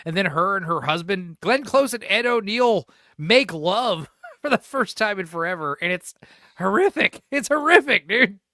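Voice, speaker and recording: A man's voice: sits high, expressive, normal speed, sharp tone, no room sound, clean studio sound. A man hosting a podcast, rambling and profane in casual chat, laughing often. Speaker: podcast host.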